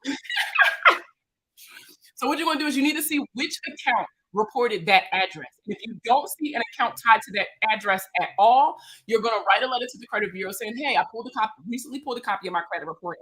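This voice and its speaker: Bright, husky Baltimore woman. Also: on the high side, fast talker, poor audio. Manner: animated, slangy, joking, talks straight to viewers. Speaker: credit repair consultant. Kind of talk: casual livestream Q&A.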